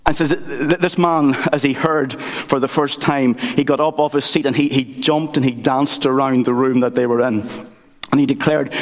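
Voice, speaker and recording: A man preaching a sermon from the pulpit, earnest and halting, often restarting his sentences. His voice sits at an ordinary middle pitch. The long reverb of a church sanctuary trails after each phrase. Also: steady tone. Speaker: pastor.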